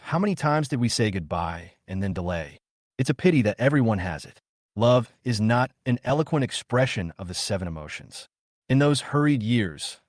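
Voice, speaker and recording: Lively low male story narrator. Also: no echo, studio quality. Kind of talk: scripted narration.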